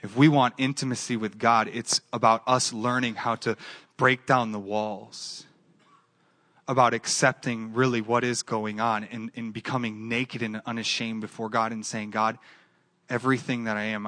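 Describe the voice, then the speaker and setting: A man's voice: medium pitch, flat delivery, moderate pace, bright, forceful tone, dry recording. A man preaching a sermon with an earnest, repetitive cadence, then leading a closing prayer. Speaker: pastor.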